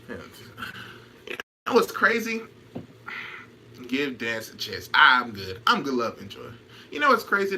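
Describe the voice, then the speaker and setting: A man's voice: a little high, bright, forceful tone, a little hiss or hum. A man in casual chat on a stream, trash-talking, laughing and repeating himself while answering comments.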